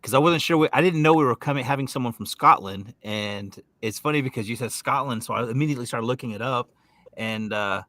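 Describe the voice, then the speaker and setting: A British man co-hosting a casual online chat, his voice bright and forward. He is recorded dry and close, and he teases and stumbles over his words as he jokes along. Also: mid-range voice, fast, no echo. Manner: joking, stumbling restarts. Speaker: co-host.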